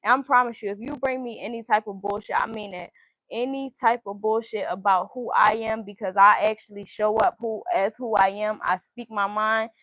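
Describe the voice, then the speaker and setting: A woman's voice: mid-range voice, fairly even intonation, normal speed, fairly bright tone, no echo, rough recording. A woman giving a casual tarot reading, listing card meanings in a chanting cadence and speaking her mind bluntly, with frequent swearing. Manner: blunt and outspoken, swears freely. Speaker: tarot reader.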